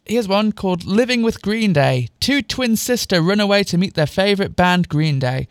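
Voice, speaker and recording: Brief: man, high and lively, sarcastic fan-fiction reader, dry close sound. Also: moderate pace, clean tone, dry recording. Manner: mocking, exaggerated dialogue voices. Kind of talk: sarcastic dramatic reading with asides.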